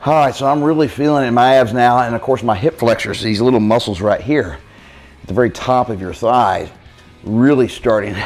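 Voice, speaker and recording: A man coaching an abs workout, counting reps out loud as he exercises and talking out of breath. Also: medium pitch, brisk, soft background music. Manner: counting reps aloud while exercising, casual. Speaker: fitness coach. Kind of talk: workout demonstration.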